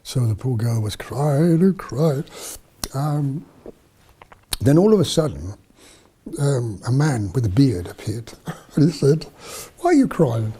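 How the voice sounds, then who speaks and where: A man's voice: mid-range voice, lively intonation, takes it slowly, long pauses, dark tone, slight background noise. A man, a priest and missionary, telling stories in an interview, rambling with many fillers and restarts. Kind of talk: storytelling in an interview.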